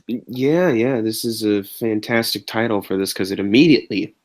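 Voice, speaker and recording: A young man co-hosting a casual movie chat, excitable and stammering, often repeating his words. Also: fairly low pitch, moderate pace. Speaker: podcast co-host.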